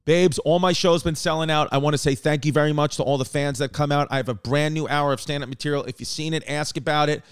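A slightly high-voiced man from New York holds court as a comedian host. He rambles through stories, swears freely and jumps into other people's voices as he goes. The sound is close and dry. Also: steady tone, fast talker, few pauses, smooth, no echo. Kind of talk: casual comedic chat.

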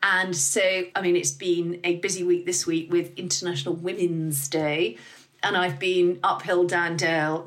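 A middle-aged woman talks frankly and with energy as a podcast guest, dropping the odd swear word. Her voice sits a little low for a woman. She tells stories with animation. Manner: candid, lively, swears freely. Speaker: guest, business founder. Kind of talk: casual interview talk.

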